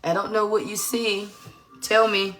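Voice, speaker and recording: A woman's voice: mid-range voice, flat delivery, measured pace, a bit bright, soft background music. A middle-aged woman hosting a casual home cooking show, chatting and teasing as she works in her kitchen. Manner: chatty, teasing, thinks aloud while working.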